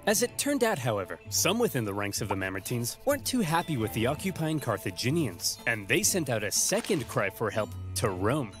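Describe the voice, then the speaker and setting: A man giving scripted comedic history narration with wry, deadpan jokes. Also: medium pitch, a little fast, hardly any pauses. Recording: narration over music.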